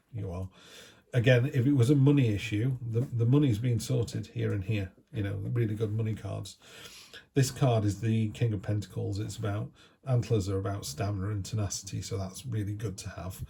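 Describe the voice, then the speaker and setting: A middle-aged man gives a chatty, down-to-earth tarot reading in a low, gravelly voice with a warm, mellow tone. A faint hiss sits behind him. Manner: chatty, down-to-earth, acts out little quoted asides. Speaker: tarot reader.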